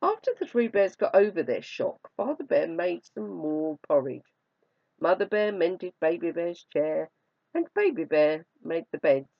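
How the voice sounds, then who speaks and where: A storyteller reading a fairy tale aloud with lively, swooping pitch. The voice has a gravelly edge and stretches out words for effect. The recording is dry and slightly dull. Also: no room sound. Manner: expressive, drawn-out storytelling.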